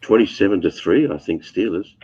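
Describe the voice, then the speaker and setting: A man with a stuffy nose, hosting a relaxed voice chat with easygoing, hesitant talk. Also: sits low, fairly quick. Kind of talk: casual chat. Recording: slightly dull mic with faint noise.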